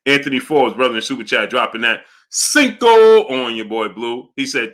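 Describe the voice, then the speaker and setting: A man hosting a casual boxing livestream, giving shout-outs and laughing often as he talks. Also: medium pitch, normal speed. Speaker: livestream host.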